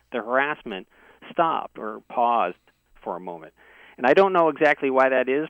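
A medium-pitched man calls in as a guest and shares a detailed personal story, earnest and conversational. The phone line sounds tinny and dry, with no room sound.

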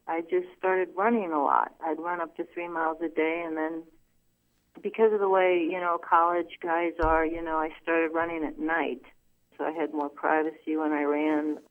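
A woman guest telling a personal story in an earnest, halting way, with many fillers. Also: sits low, little pitch movement. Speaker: phone-in guest. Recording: tinny phone line.

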